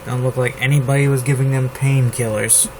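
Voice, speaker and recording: A man from the United States drafting his novel out loud, repeating words and phrases as he types them. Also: mid-range voice, little pitch movement, brisk, noisy background. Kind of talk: thinking aloud while drafting a novel. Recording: loud keyboard typing over the voice. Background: keyboard typing.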